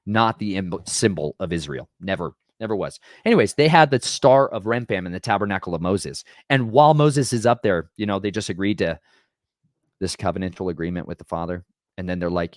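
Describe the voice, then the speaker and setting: Low-voiced man telling Bible stories. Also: expressive, fairly quick, no room sound, clean studio sound. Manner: conversational, keeps asking "right?"; emphatic and dramatic. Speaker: podcast host. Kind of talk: casual Bible storytelling.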